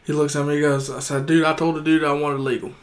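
Man, casual chat, rambling anecdote, quotes people, cusses, slightly high voice. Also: little pitch movement, fast. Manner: rambling anecdote teller, quoting others, swears freely. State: gets heated and shouts when indignant.

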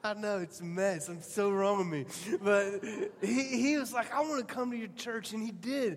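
A man's voice: high voice, moderate pace, few pauses. A male pastor preaching a sermon, earnest and storytelling, often restarting his phrases. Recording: long hall reverb.

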